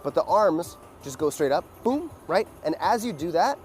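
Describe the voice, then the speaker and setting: Man teaching a dance, saying "boom". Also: animated, moderate pace, a little mellow, soft background music. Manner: loose, filler-heavy explaining with beat sounds like "boom". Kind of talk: casual dance lesson.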